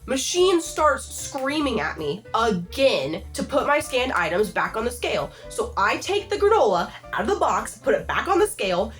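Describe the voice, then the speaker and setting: Young woman vlogger, a bit high-pitched, exasperated comic rant full of "like", faint music underneath. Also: moderate pace, hardly any pauses. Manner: exasperated, animated, heavy use of "like". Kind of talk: comedic storytime rant.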